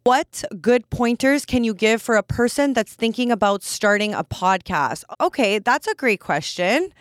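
A woman's voice: a little high, lively intonation, normal speed, no echo, clean studio sound. A woman in her twenties hosting a casual solo podcast, talking candidly and bluntly with lots of "like" fillers. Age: 20s. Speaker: podcast host.

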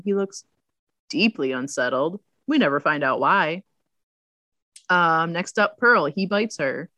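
Woman co-host, mid pitch, sarcastic movie recap with silly voices, dry close sound. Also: a bit bright, no echo. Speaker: podcast co-host. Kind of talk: casual chat recapping a movie.

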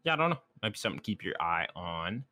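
Lively bright podcast host. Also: male voice, low-pitched, fast. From United States. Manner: laughs easily, runs the episode list. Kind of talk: casual chat.

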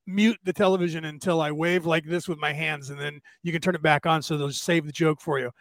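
A man's voice: on the high side, steady tone, fairly quick, no echo. A man hosting a podcast, telling stories in a rambling casual way and checking in with "right?" a lot. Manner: rambling storyteller, keeps adding "right?". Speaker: podcast host. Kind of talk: casual chat. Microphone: camera.

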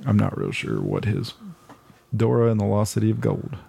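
Low-pitched man, casual podcast chat, crude jokes, trails off. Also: sing-song, normal speed, gravelly, warm tone, slightly rough. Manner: crude, joking, trails off mid-sentence. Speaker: podcast co-host.

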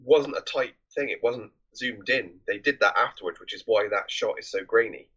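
A man's voice: on the low side, moderate pace, sharp tone, slightly rough, lo-fi sound. A man co-hosting a podcast, talking eagerly about a film and often breaking off mid-sentence. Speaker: podcast co-host. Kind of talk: casual film review chat.

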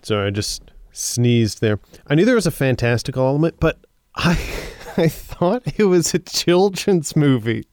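A man's voice: fairly high pitch, animated, normal speed, darkish tone, no echo. A man co-hosting a casual film review podcast, talking in a chatty way with frequent stammering restarts. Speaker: podcast co-host.

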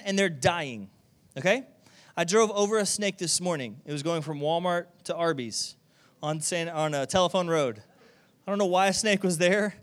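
High-voiced male preacher. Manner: animated, keeps asking "okay?" and "right?"; acts out grumbling voices and loud exclamations. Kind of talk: sermon.

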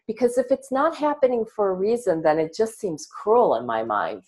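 A woman's voice: mid-range voice, expressive, normal speed, darkish tone. A woman guest on a podcast, talking in an earnest, reflective way and swearing casually, over earbuds on a video call. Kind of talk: casual interview talk.

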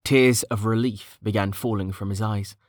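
A man reading a fantasy novel aloud as audiobook narration, in a measured, even manner. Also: on the low side, no echo, clean studio sound.

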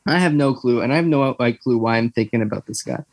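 Husky young man rambling. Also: mid-range voice, fast talker, darkish tone, no echo. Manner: rambling, full of "like" fillers and tangents. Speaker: sports podcast co-host. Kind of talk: casual chat.

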